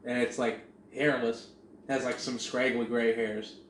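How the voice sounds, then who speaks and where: A man co-hosting a casual podcast, telling a story in a profane, animated way. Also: medium pitch, unhurried. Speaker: podcast co-host. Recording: echoey room with faint noise.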